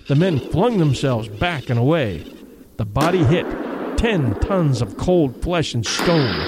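A man reads a story aloud with dramatic, measured narration. His voice sits a little high and moves expressively up and down. He slows down and drops low for the quiet, grim moments. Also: noisy background.

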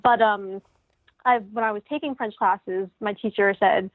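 A woman's voice: mid-range voice, fairly even intonation, normal speed, dry recording. A woman co-hosting a podcast, chatting eagerly about a singer's vocal style and laughing often. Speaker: podcast co-host. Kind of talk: casual chat about music. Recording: tinny phone-like remote line.

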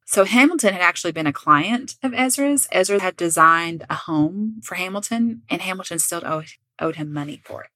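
A woman co-hosting a podcast, telling a true-crime story in lively, laughing casual chat. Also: on the low side, normal speed, hardly any pauses, no echo. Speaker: podcast co-host.

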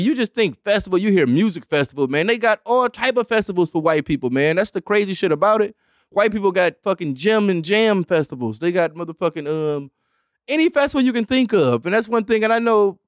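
A man hosting a podcast in casual, animated comedic chat, laughing often and slipping into exaggerated voices when he quotes people. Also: sits high, dry recording, clean studio sound. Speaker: podcast host.

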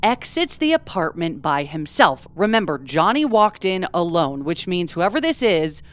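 Woman, podcast co-host, fairly low voice, smooth and clear, casual true crime storytelling, lots of fillers. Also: very animated, moderate pace. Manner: conversational, with many fillers like "like" and "kinda".

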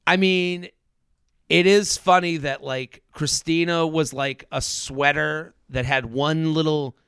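A man's voice: fairly high pitch, fairly even intonation, slow, a bit bright, smooth, no room sound, clean studio sound. A man co-hosting a casual podcast, talking animatedly and acting out quotes in mimicking voices, with frequent laughs. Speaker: podcast co-host. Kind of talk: casual chat recapping a reality show.

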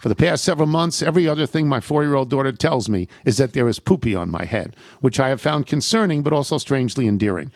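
A man hosts a talk show and reads listener letters aloud. His delivery is wry and amused, in an everyday middle-pitched voice. The sound is close and dry, as in a studio. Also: expressive, fast talker, hardly any pauses, no room sound. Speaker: radio show host reading listener emails. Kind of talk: reading listener mail aloud with dry humor.

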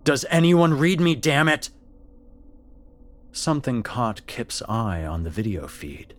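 A man narrating a horror story in a slow, measured, scripted storytelling manner. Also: sits low, slight background noise.

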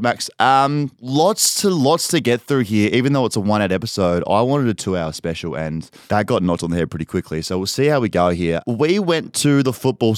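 A man's voice: on the low side, no room sound, clean studio sound. A man with an Australian accent hosting a podcast in casual, rambling, jokey chat, swearing freely. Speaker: podcast host. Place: studio.

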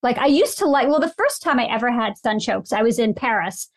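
A woman in casual interview chat, telling food stories with emphatic, animated delivery. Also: fairly high pitch, a little fast, no echo. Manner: emphatic, animated storyteller, laughs often. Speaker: guest.

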